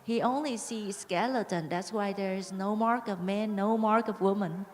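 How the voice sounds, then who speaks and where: A woman's voice: medium pitch, darkish tone. Female student, hesitant questioner, long reverb. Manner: hesitant, halting.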